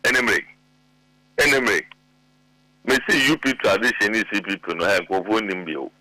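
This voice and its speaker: A man's voice: on the low side, normal speed, pushed and bright, no echo, low-quality recording. A middle-aged man with a Ghanaian accent, talking emphatically on a political talk show and mixing Twi with English. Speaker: guest politician.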